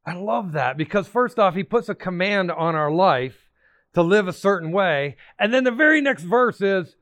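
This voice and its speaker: A male pastor with a high voice delivers a sermon at normal speed. He is emphatic and excitable, repeating phrases and breaking into sudden shouts.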